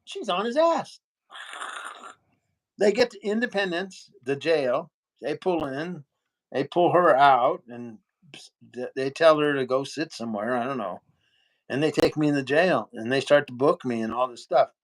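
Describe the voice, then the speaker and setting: Male interview guest, higher voice, lively raconteur who voices the people in his story. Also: a little slow. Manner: animated storyteller, acts out other people's lines.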